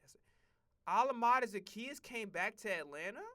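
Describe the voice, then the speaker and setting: A man streaming casual sports commentary, profane and rambling, with excitable outbursts. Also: high voice, normal speed.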